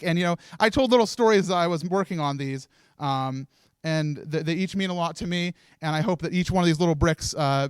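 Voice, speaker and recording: Nervous rambling man, high voice. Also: smooth, no room sound. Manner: nervous, rambling, laughs often. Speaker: host handing out awards. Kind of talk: emotional live event speech. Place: live stream event room.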